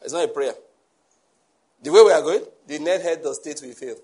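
A man preaching a sermon to a congregation, lively, acting out the people he quotes and laughing often. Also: a little high, moderate pace, slightly rough. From Nigeria. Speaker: pastor.

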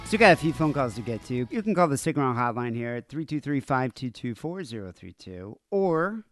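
A male podcast host rambles casually, leaning on fillers and easy laughs. His mid-pitched voice sounds close and dry. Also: sing-song, fairly quick, no room sound, soft background music. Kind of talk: casual chat.

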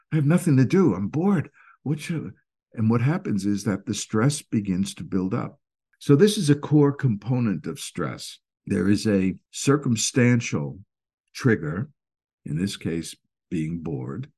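A low-voiced man with a husky edge, speaking with a Northeastern US accent. He talks through his points like an informal lecture, slipping into little acted-out scenes to make them vivid. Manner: animated, acts out little quoted scenes. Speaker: speaker explaining stress and anxiety.

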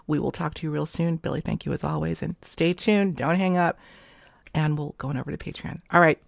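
A woman's voice: sits low, fairly even intonation, fairly quick, vocal fry, dry recording. A woman hosting a casual chat show, effusive and emotional as she thanks her guest and supporters. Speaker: host.

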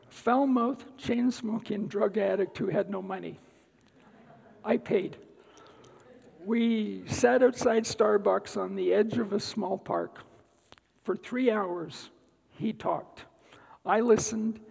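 A man giving a guest talk at church, telling a personal story in an unhurried way with dry asides. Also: high-pitched, creaky, a little mellow, husky, in a large hall, poor audio. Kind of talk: sermon-style personal testimony. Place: church sanctuary.

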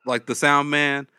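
A man hosting a casual chat, reacting with lively remarks and frequent laughter. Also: fairly high pitch, clean tone.

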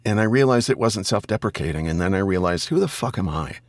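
A middle-aged man with a very deep voice tells a story as a podcast guest. He is animated and swears freely, and breaks into loud, high-pitched asides. The sound is dry and close to the mic. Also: quick pace, no echo. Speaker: audiobook narrator and guest. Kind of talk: casual storytelling interview.

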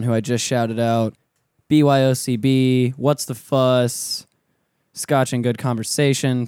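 A man's voice: mid-range voice, darkish tone, clear, resonant tone, no room sound. A man co-hosts a podcast in casual studio banter. He jokes loosely and swears freely. His mid-range voice sits dry and close on the mic. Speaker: podcast co-host. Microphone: studio microphone.

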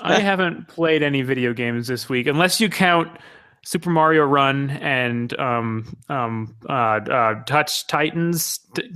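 A man's voice: mid-range voice, slow pace, sharp tone, clean tone. A man co-hosting a podcast, teasing and wisecracking in casual chat. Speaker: podcast co-host.

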